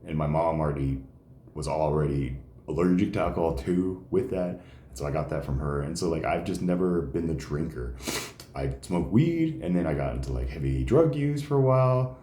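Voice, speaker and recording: A man's voice: extremely low pitch, expressive, moderate pace, warm tone, slight background noise. A man telling personal stories in casual conversation, rambling with many fillers. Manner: rambling, many fillers, acts out quoted dialogue. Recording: echoey room.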